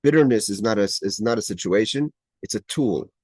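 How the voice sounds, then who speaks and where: A man's voice: on the low side, moderate pace, a little mellow, dry recording. A man teaching a Torah class over a video call. He explains Hebrew quotes in English, often restarts his sentences, and gets emphatic at key points. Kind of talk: explaining a Hebrew text line by line.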